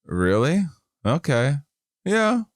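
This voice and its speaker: A man's voice: on the high side, huge pitch swings, slow, no echo, clean studio sound. A middle-aged man co-hosting a casual podcast, rambling and self-deprecating as he reads survey questions aloud. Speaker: podcast co-host.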